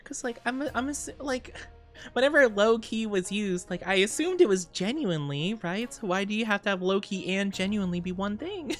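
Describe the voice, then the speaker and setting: A woman's voice: mid-range voice, animated, a little fast, faint music behind. A woman in her twenties chatting casually on stream, rambling and giggling often, and playing around with silly voices. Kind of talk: casual chat.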